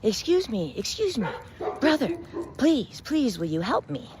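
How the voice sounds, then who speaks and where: A woman's voice: a little high, big pitch swings, a little slow, background noise, voice pushed up. A woman playing a sly, pleading male scorpion. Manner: wheedling, repeats "please" and "brother".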